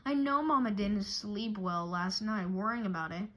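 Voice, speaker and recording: A woman voicing a calm, reassuring father bear in a storybook reading. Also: mid-range voice, normal speed.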